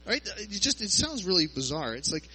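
A man's voice: high voice, sing-song, brisk, bright, forceful tone, a little hiss or hum, low-quality recording. A man preaching a sermon in a conversational way, asking his listeners rhetorical questions.

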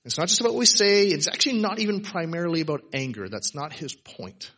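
A man's voice: a little high, animated, fast talker, bright, forceful tone, husky. A man preaching to his congregation in a casual, emphatic sermon, tossing in "right?" asides. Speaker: pastor. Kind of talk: conversational sermon. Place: church service before a congregation.

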